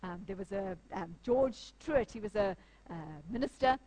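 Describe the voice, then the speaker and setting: A woman's voice: medium pitch, moderate pace, mellow. Earnest New woman preaching. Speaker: church speaker. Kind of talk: sermon. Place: church.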